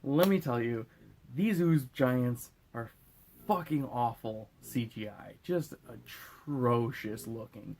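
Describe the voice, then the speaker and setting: A man's voice: mid-range voice, slow, darkish tone, a little hiss or hum. A drunk man recapping a movie in a loose, crude, rambling way, often acting out lines in silly voices. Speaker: host.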